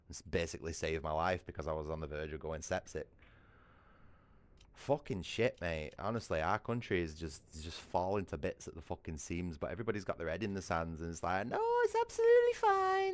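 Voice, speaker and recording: A man's voice: sits low, fairly even intonation, fairly quick, no echo. A British man chatting casually on a gaming livestream, rambling and swearing a lot, often asking "you know what I mean". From Britain. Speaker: streamer.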